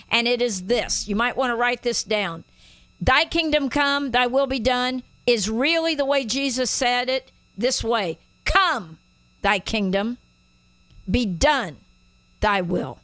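A woman hosting a Christian talk show, teaching scripture with an emphatic, drawn-out preaching cadence. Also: sits high, a bit bright, no room sound. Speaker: host.

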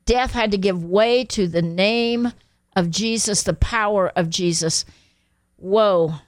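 A woman's voice: medium pitch, dry recording. Emphatic woman pastor, dry sound. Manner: emphatic preaching with quick affirmations. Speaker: pastor hosting a radio show. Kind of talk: radio sermon talk.

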